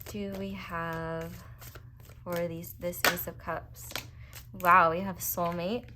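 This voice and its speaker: A woman's voice: lowish voice, little pitch movement, takes it slowly, background noise. A young woman, doing a casual, rambling tarot reading full of fillers and earnest asides. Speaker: tarot reader.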